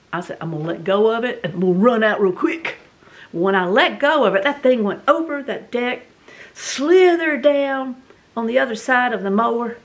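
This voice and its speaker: A middle-aged woman with a Southern US accent tells a story in a casual, animated, dramatic way, full of fillers. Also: mid-range voice. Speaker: vlog host.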